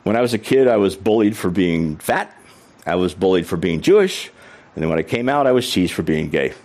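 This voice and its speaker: A man's voice: deep voice, lively intonation, a little fast, darkish tone. A middle-aged man giving a humorous storytelling keynote talk on stage. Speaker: keynote speaker.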